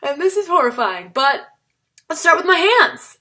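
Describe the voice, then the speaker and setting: A woman's voice: extremely high pitch, very animated, normal speed, bright, forceful tone. A woman comedian talking casually to camera, chatty and self-mocking, indoors on a camera mic. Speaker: stand-up comedian vlogging. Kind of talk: casual to-camera vlog talk.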